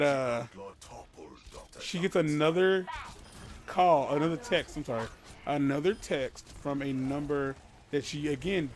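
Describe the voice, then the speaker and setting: A man's voice: mid-range voice, slight background noise. A man casually telling a creepy story as a podcast co-host, rambling, swearing and interrupting himself. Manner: profane, rambling, self-interrupting.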